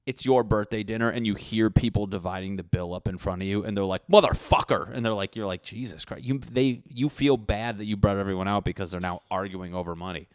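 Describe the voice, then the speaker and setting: A man's voice: lowish voice, clear, resonant tone, no room sound, studio quality. A young man hosting a solo podcast, ranting comically with profanity and mocking voices for other people. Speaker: podcast host. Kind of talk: solo comedic rant.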